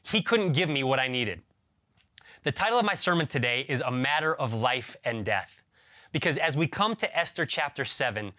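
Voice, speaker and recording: A man preaching a sermon as pastor, reading scripture and then telling a lively story with acted-out dialogue. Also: fairly high pitch, no room sound, clean studio sound. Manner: animated storyteller, acts out phone dialogue.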